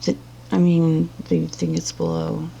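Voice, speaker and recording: Woman vlogger, low gravelly voice, unhurried delivery, blunt sarcastic commentary, profane. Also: monotone, dark tone, muffled recording. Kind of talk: reaction commentary.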